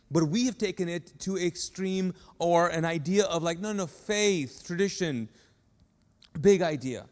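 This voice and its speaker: A man preaching a sermon to a congregation, animated and talking to the room, acting out the lines he quotes. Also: sits high. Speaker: pastor. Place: large church hall. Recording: live sermon with long hall reverb.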